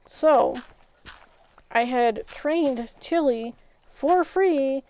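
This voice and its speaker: A woman's voice: sits high, very slow, a little mellow, highs cut off. A woman streaming a game, casually telling a long rambling story and retelling conversations with "I was like".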